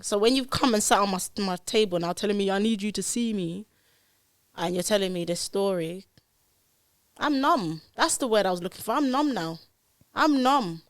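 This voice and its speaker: A woman's voice: mid-range voice, dry recording. A woman, a podcast guest telling her life story candidly and acting out the dialogue, recorded on a studio podcast mic. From London, England.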